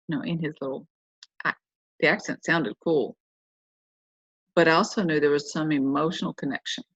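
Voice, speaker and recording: A woman's voice: low-pitched, fairly quick, pauses often, fairly bright tone, husky, dry recording. A middle-aged woman host telling a personal story in a casual, rambling way, often correcting herself as she goes. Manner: rambling, self-correcting, chatty. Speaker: podcast host. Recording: dull lo-fi dry recording.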